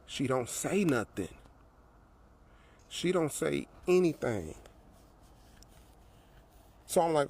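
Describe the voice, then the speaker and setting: A man's voice: a little high, big pitch swings, takes it slowly, gravelly, pauses often, a little mellow, breathy edge. A man telling a personal story in a rambling way, repeating his phrases, recorded outdoors by an apartment building. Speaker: vlogger.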